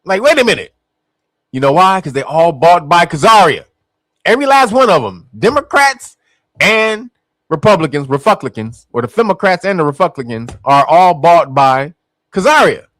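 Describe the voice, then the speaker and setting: High-voiced man in profane, mocking commentary. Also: very animated, moderate pace, fairly bright tone, no room sound. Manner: profane, mocking, laughs often, acts out voices. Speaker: commentary host. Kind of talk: casual political commentary.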